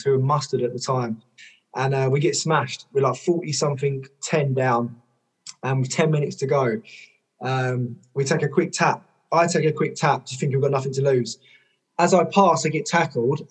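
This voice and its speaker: Lively man telling stories. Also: fairly high pitch, husky. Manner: lively, swears freely, many "like" fillers. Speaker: podcast guest, former rugby player and coach. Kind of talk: conversational storytelling.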